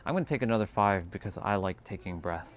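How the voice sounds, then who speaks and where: A man with a lowish voice talks calmly and without hurry on a spiritual livestream, now and then loose and blunt with swearing. Faint background ambience hums behind him, with the odd vehicle passing. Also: background noise. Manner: calm, unhurried, loose and profane at times. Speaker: livestream host. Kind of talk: casual spiritual livestream talk.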